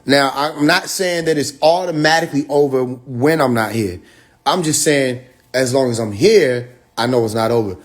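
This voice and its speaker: A man's voice: medium pitch, moderate pace. Laughing man telling stories to followers. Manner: laughs often, addresses listeners directly; slangy storytelling with acted quotes. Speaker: spiritual speaker on a livestream. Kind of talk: casual livestream talk to followers.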